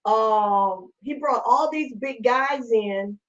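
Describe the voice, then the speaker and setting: A chatty woman hosting a talk show, asking questions with quick enthusiasm. Her voice sits a little high, and the audio sounds muffled and lo-fi. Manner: chatty and excitable. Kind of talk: casual interview chat.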